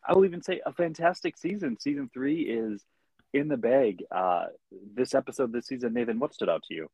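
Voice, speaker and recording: A man's voice: medium pitch, expressive, a little fast, darkish tone, dry recording. A man co-hosting a podcast in casual chat, teasing his partner with playful, mock-dramatic lines. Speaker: podcast co-host.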